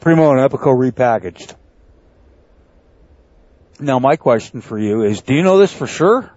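A man's voice: mid-range voice, expressive, moderate pace, darkish tone, no room sound. A man hosting a podcast in casual chat, laughing often and tripping over his words. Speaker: podcast host. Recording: dry, dull lo-fi mic.

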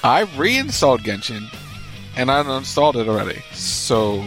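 A man's voice: mid-range voice, big pitch swings, moderate pace, a bit bright, faint music behind. A man co-hosting a casual wrestling talk show in a joking way. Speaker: co-host.

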